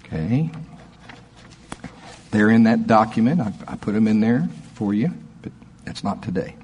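A male preacher delivers a sermon in a husky, slightly breathy voice. He moves between measured scripture quotes and animated storytelling. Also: lowish voice.

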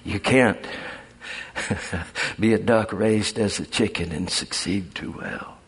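Husky, gravelly male preacher. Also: fairly low pitch, slow pace. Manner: folksy storytelling, animated, chuckling. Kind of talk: sermon.

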